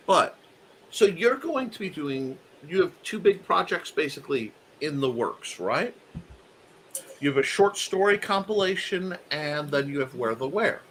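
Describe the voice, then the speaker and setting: A man hosting a casual chat show, animated and quick to laugh, with many fillers and restarts. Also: fairly high pitch, a little hiss or hum. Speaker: host.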